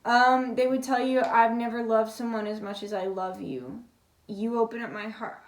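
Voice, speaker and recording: A woman's voice: on the high side, moderate pace. A young woman giving a casual tarot reading, relaying messages in a chatty, confiding way and swearing now and then. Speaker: tarot reader.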